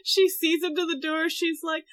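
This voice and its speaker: A woman's voice: very high-pitched, flat delivery, moderate pace, a bit bright. A woman co-hosting a casual chat, animatedly retelling a show and acting out the characters' lines. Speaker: podcast co-host recapping a show.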